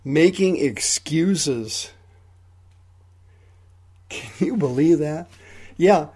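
A man's voice: on the high side, darkish tone. A man preaching a radio sermon, firing rhetorical questions and retelling Bible scenes in a folksy, conversational way.

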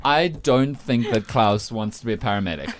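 Lively radio host man. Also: medium pitch, normal speed, crowd noise. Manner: animated, joking, rambling with restarts. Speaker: radio breakfast show host. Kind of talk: playful radio banter. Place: radio studio.

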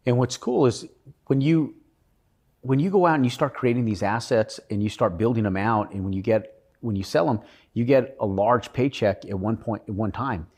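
A man's voice: mid-range voice, normal speed, a little mellow. A man being interviewed, talking earnestly about his own experience. He rambles and often restarts his sentences. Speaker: podcast guest. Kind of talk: casual interview storytelling.

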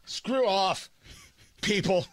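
A man's voice: high voice, very slow, fairly bright tone, no echo. A middle-aged man hosting a talk radio show, giving a brash, emphatic monologue with joking asides into a studio microphone.

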